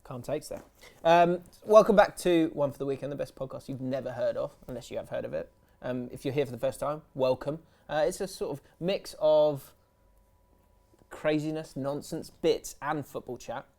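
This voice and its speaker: A man hosting a football podcast, chatty and teasing in quick casual banter. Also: a little high, vocal fry, a little mellow. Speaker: podcast host. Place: podcast studio.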